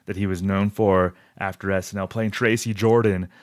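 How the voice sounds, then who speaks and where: Podcast host guy, lowish voice, friendly, lots of "yeah" and "exactly", dry mic. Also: flat delivery, moderate pace, no room sound. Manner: friendly, asks questions, agrees often. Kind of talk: casual podcast chat.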